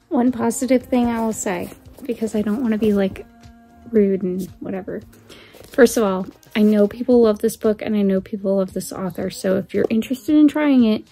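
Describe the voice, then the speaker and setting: Woman book vlogger, candid and chatty, laughs a lot, mellow tone, faint music underneath. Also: mid-range voice. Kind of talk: casual chat to camera.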